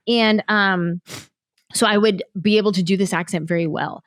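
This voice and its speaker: A woman comedian from San Jose, California, telling stories in a casual interview and acting out quoted lines with lively energy. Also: mid-range voice, no room sound, studio quality. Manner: animated, fast storyteller who acts out quotes. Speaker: comedian guest.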